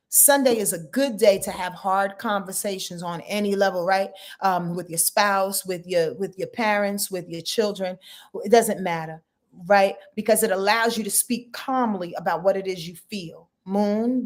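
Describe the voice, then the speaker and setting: A woman in her fifties, sleepy and talking from her bed, runs a loose astrology livestream. She chats with viewers in slangy, easygoing speech at a middling pitch. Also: a little mellow. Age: 50s. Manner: chatty, slangy, addresses viewers directly. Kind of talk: casual livestream reading. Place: lying in her bed at home.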